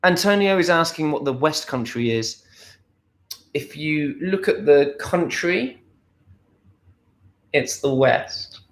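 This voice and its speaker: A man's voice: on the high side, expressive, slow pace, pauses often. A young man from Essex hosting a casual livestream at home, reading out viewer comments in a chatty, playful, self-deprecating way. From Essex, England. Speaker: livestream host. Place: at home, indoors.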